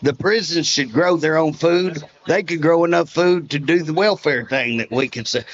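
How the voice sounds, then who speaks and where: A man's voice: on the high side, normal speed, highs cut off. A man, a state representative telling folksy stories in a casual interview and chuckling often.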